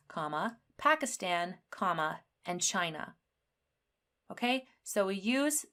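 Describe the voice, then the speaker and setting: Female grammar teacher, deliberate delivery, slightly low pitch, reads examples out with emphasis. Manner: slow, clearly spelled-out teaching; acts out example sentences with lifted pitch. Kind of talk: grammar lesson.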